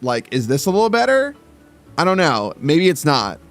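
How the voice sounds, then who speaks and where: Male streamer, casual live chat, upper-middle pitch with big swings, stammers and swears. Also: moderate pace. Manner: animated, stammering restarts, swearing; thinks aloud while adjusting his mic sound.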